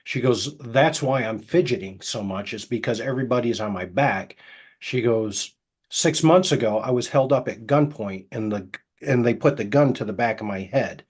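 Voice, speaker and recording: A middle-aged man who works as a hypnotist, telling anecdotes casually and acting out the quoted dialogue, with a soft, slow voice for the hypnotic suggestions. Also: medium pitch, breathy edge. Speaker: hypnotist guest. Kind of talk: casual storytelling interview.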